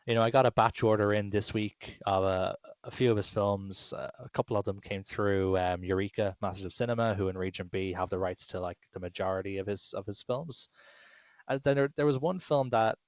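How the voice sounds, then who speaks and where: This man, co-hosting a podcast, talks about movies in an eager, casual way, often using fillers and starting sentences over. He has a fairly low pitch and a brisk pace, and the recording is dry.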